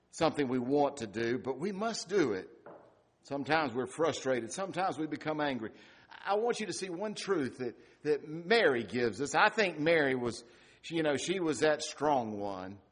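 A middle-aged male pastor preaching a sermon, rising to loud emphatic peaks and dropping to quiet, hushed lines. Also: mid-range voice, slightly rough.

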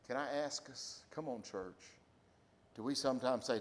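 A man with a medium-pitched voice preaches a sermon at normal speed, speaking directly to his congregation with questions. He swings between loud exclamations and quiet asides.

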